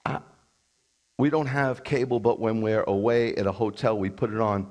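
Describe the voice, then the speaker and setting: A man's voice: fairly low pitch, moderate pace, darkish tone. A man who is a rabbi, preaching a sermon in a blunt, combative way with sarcastic asides.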